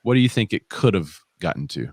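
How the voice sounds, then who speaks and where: A man's voice: deep voice, big pitch swings, a little fast, darkish tone, dry recording. A man co-hosting a live real estate show, chatting casually and reading viewer comments aloud. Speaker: podcast co-host.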